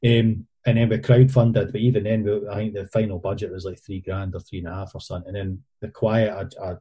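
A man's voice: lowish voice, level tone, quick pace, dark tone, slightly rough. A Scottish man, an independent filmmaker, telling rambling, self-deprecating stories in casual podcast chat, full of fillers.

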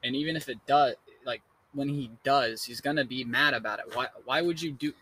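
A man's voice: medium pitch, brisk, pushed and bright, a little hiss or hum, low-quality recording. A young man guesting on a casual podcast, chiming in with short replies and indignant agreement.

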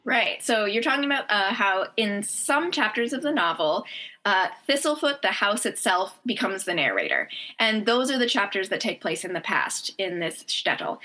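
Bright-voiced, chatty woman author. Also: medium pitch, very animated, normal speed. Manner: chatty, enthusiastic, many fillers. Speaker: novelist guest. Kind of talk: casual interview chat.

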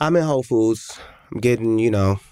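A man, a musician guest telling a story in a lively, animated way and acting out other people's voices. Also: fairly low pitch, brisk, clean tone, no room sound, clean studio sound. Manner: animated, acts out voices in stories. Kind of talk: conversational storytelling.

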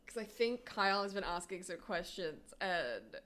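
A woman's voice: fairly low pitch, very animated, normal speed, a bit bright. A woman co-hosting a film chat, making amused, incredulous quips. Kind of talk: casual chat reviewing a film.

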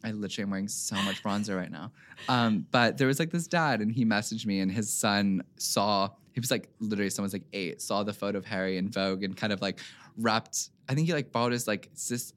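A young man, a fashion designer guest on a podcast, telling a moving story with lots of fillers and fighting back tears. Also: fairly low pitch. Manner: gushing, filler-heavy, near tears. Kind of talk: emotional conversational storytelling.

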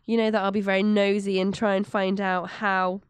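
A woman co-hosts a podcast in a chatty, joking ramble, her nose stuffed up from the flu. Her voice stays smooth and clear despite it, recorded dry and close. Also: medium pitch, little pitch movement, fairly quick, no room sound. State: congested from flu. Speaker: podcast co-host. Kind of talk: casual chat.

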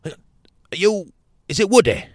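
A man putting on the voice of a loud, excitable former rugby player who repeats himself and swears. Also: sits high, a little slow, dry recording, studio quality, pitched above the performer's own voice, exaggerated voice. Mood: boisterous. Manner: boisterous, repetitive, swearing.

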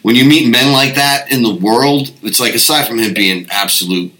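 A man's voice: mid-range voice, normal speed, sharp tone, low-quality recording. A man who is a musician, talking laid-back in his office and ending many sentences with "man". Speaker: guest musician. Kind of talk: casual chat.

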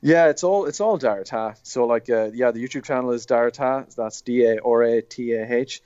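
A man's voice: medium pitch, a little fast, a little mellow, clean tone, no echo, muffled recording. A young man, a YouTuber guest, chatting in a rambling way full of fillers. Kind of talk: casual interview chat.

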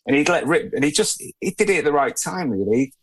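A man who is a podcast guest, answering in a relaxed, plain-spoken way and often hedging with "I guess". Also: fairly high pitch, fast talker, husky. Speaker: podcast guest, former footballer. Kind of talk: casual interview answers.

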